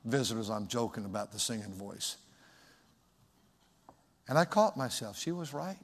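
A man preaching a sermon as a pastor, loud and emphatic, in a plain conversational way. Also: medium pitch, sing-song, moderate pace, pauses often, in a large hall.

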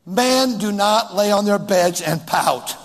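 A man preaching a sermon, reading King James scripture and hammering home repeated exhortations, with a husky voice. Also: sits high, animated, slow pace. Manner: exhorting, repetitive refrains, mocks voices in quotes. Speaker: pastor. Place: church sanctuary. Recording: echoey hall reverb.

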